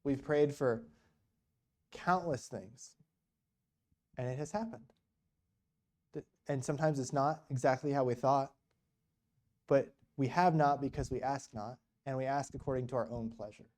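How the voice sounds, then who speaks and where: A man's voice: mid-range voice, unhurried, pauses often, darkish tone. A man preaching in a church, telling stories in a conversational way, full of rhetorical questions and "you know.". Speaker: guest speaker at a church. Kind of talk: storytelling sermon.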